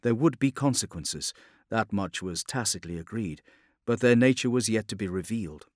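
A man narrating a science fiction audiobook in a measured, grave storytelling manner. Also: lowish voice, animated, darkish tone, no room sound, studio quality. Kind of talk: scripted dramatic narration.

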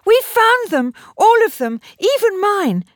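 A woman's voice: extremely high pitch, very animated, unhurried, no room sound, studio quality, pitched above the performer's own voice, full character voice. A woman voicing an anxious, protective young woman in a storybook reading, urgent and breathless.

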